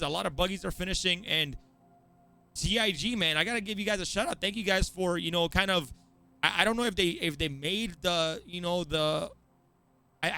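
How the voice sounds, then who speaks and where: A man's voice: high voice, gravelly, bright, forceful tone, rough recording. A man with a Virgin Islands accent, commentating a live race in a chatty, rambling way. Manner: chatty, rambling, frequent restarts. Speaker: esports commentator.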